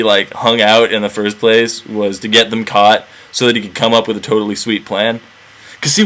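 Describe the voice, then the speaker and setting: Lively, slangy comic man storyteller. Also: medium pitch. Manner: casual, slangy, profane, rambling asides. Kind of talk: comedic storytelling.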